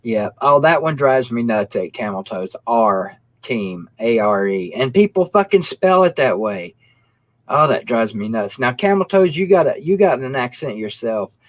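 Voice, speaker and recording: A man's voice: mid-range voice, very animated, moderate pace. A man hosting a casual live stream, joking, swearing and reading comments. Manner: profane, joking, reads comments. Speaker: host.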